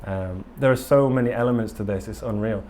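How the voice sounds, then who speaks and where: A man's voice: lowish voice, fairly quick, mellow. A man giving a casual conference talk to a live audience in a conference room, earnest and rambling, with frequent ums and restarts. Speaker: conference speaker.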